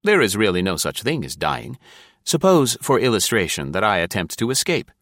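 A man reading the part of a captured male spy who reasons calmly about death and then begs desperately for his life. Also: lowish voice, creaky, dry recording, clean studio sound, heavily acted. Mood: coolly reasoning. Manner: measured and reasoning, breaking into frantic pleading. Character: calm captured male spy facing execution, coolly philosophical. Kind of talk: audiobook character reading.

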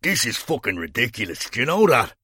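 A man's voice: mid-range voice, sing-song, pushed and bright, slightly rough, no echo, exaggerated voice. A man voicing a coarse, indignant criminal, swearing and complaining in a dry storybook reading. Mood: irritated. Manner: crude, swearing, quick to complain.

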